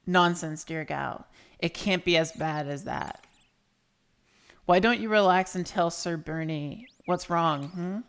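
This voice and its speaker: A woman's voice: on the low side, takes it slowly, clear, resonant tone. A woman voicing a pompous, jolly old male knight commander with posh, old-fashioned phrasing. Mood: soothing.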